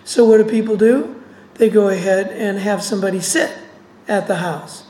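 A woman's voice: medium pitch, fairly even intonation, normal speed, mellow, a little hiss or hum, rough recording. A woman teaching through a Bible passage, reading verses aloud and explaining them with casual asides.

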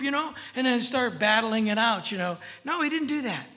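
Working through a Bible passage verse by verse, this preacher delivers his sermon emphatically and conversationally, regularly checking in with those listening. His mid-range voice is expressive, pushed and bright, running a little fast with hardly any pauses. A long reverb from the hall hangs on the sound.

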